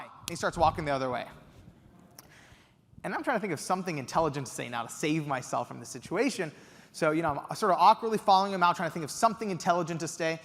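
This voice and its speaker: A young man giving a keynote speech, telling an animated story with excited quoted outbursts. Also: a little high, fast, gravelly. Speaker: keynote speaker. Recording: reverberant hall.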